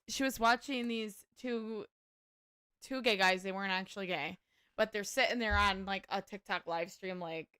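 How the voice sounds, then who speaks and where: A woman hosting a livestream, chatting casually and telling stories in an animated, profane way. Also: medium pitch, smooth, dry recording, clean studio sound. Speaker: livestream host. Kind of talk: casual chat while gaming.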